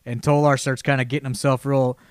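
A man's voice: medium pitch, flat delivery, a little fast, clear, resonant tone, no room sound. Man telling a rambling story, dry sound. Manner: rambling anecdote full of "you know" and restarts. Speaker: podcast host telling a story. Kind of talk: casual chat.

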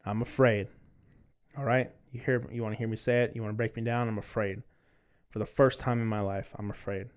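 A man voicing a scared adult male boxer in a quiet, subdued read that stays close to his own voice. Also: little pitch movement, brisk, close to an everyday voice. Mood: fearful. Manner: quiet, subdued, low-key reading.

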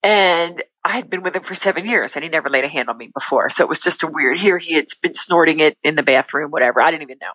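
A middle-aged woman, a podcast guest, telling her personal faith story in an earnest, candid way with quick bursts and restarts. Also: deep voice, fairly bright tone, slightly rough, no echo, rough recording.

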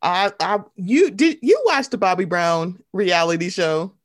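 A woman's voice: lowish voice, unhurried. A young woman hosting a casual chat show, talking animatedly and acting out quotes in different voices. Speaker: podcast host.

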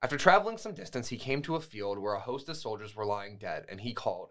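A man's voice: fairly low pitch, expressive, quick pace, few pauses, a bit bright. A man co-hosting a podcast, reading a fairytale aloud and breaking off with wry, joking comments. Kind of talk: casual storytelling with asides.

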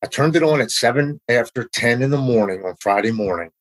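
A man's voice: medium pitch, animated, poor audio. A man telling a personal story in a casual, earnest way, often stumbling and repeating words. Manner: earnest, halting, repeats words when emotional.

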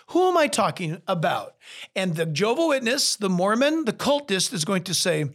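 A man, a pastor, teaching from the Bible in an animated, emphatic way and talking straight to the listener. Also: high-pitched, a little slow.

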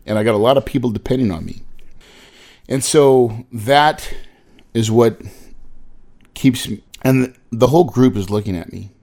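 A man's voice: medium pitch, normal speed, creaky, long pauses, darkish tone. Man, 40s, motivational speaker; earnest and emphatic, calls the audience guys. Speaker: real estate investor speaker. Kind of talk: motivational talk.

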